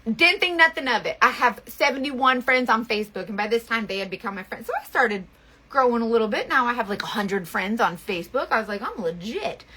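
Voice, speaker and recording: A woman's voice: a little high, fairly quick, pushed and bright. A woman telling a rambling story in casual chat, full of fillers and restarts. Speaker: makeup seller and vlogger.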